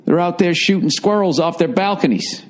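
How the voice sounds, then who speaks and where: A man's voice: sits high, moderate pace. A man hosting a podcast, riffing solo in a profane, rambling, sarcastic monologue. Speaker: podcast host. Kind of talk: casual comedic monologue.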